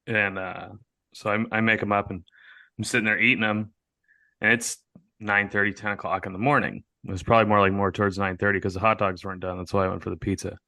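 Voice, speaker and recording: A young man on a podcast, co-hosting and swearing freely as he tells animated stories in casual chat. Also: lowish voice, quick pace, creaky, no echo. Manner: profane, animated storyteller. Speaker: podcast co-host.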